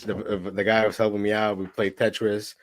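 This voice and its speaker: A man's voice: on the low side, little pitch movement, normal speed, dry recording, studio quality. A man who works as a gig delivery driver, chatting as a guest, rambling with lots of "like" and "you know". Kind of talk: casual interview chat.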